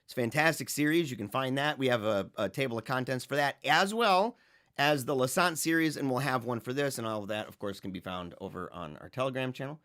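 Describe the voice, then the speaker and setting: A man hosting a casual livestream, talking loosely with frequent restarts and chuckles, swinging from loud and lively to quiet. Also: medium pitch, brisk. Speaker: host.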